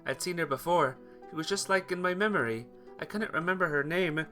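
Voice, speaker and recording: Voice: medium pitch, fairly quick, sharp tone. A streamer reading a visual novel aloud, greeting viewers between lines. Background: guitar music.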